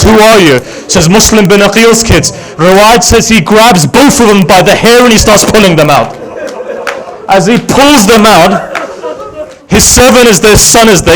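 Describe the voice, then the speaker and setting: A man who is a religious scholar tells a sacred story in an emotional sermon. He acts out each figure's words and often drops to a hushed voice. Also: high voice, rough recording. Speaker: Shia religious scholar giving a majlis. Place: religious center gathering hall.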